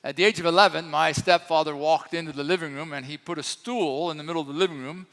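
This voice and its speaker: A man in his sixties with a light French accent preaches in a relaxed, storytelling way, full of little fillers. His voice sits a bit high for a man. It rings out with a long church-hall reverb. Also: fast. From France. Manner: storytelling, chatty with many fillers. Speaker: co-pastor. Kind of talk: sermon. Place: church sanctuary.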